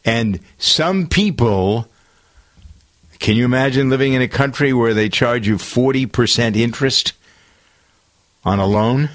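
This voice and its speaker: A man's voice: medium pitch, a little slow, long pauses. A man hosting a talk radio show, counting down the week's stories in a loose, meandering way full of filler uhs. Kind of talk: casual radio chat.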